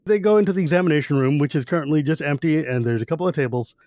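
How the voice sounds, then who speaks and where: A man co-hosting a casual podcast, loosely retelling scenes from a fantasy book and slipping into quick character quotes. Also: on the high side, darkish tone, no echo, studio quality. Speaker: podcast co-host.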